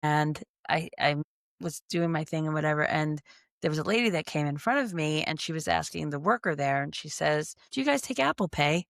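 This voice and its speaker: Middle-aged woman podcast co-host, creaky fry, casual storytelling, dry close mic. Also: low voice, a little fast, no echo. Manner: storytelling, acting out both sides of a conversation. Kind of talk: casual chat.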